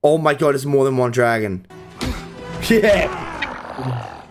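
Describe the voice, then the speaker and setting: A man hosting a movie reaction video, excitable and swearing often, breaking into laughter and shouts. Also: mid-range voice, slow pace. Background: film soundtrack music playing.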